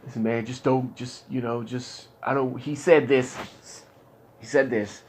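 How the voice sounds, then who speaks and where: Frustrated young man talking in halting bursts. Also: mid-range voice, fairly even intonation, darkish tone, a little hiss or hum. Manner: frustrated, rambling, halting restarts. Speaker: client in therapy. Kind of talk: candid casual talk.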